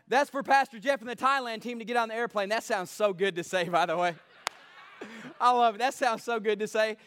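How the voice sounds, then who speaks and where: Fervent high-voiced male preacher. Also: moderate pace. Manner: fervent, rising to shouts, laughing asides. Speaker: pastor. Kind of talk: sermon.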